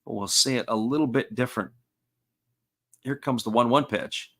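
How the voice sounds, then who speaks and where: A man giving live baseball play-by-play commentary, folksy and steady, reading out chat messages between pitches. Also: moderate pace.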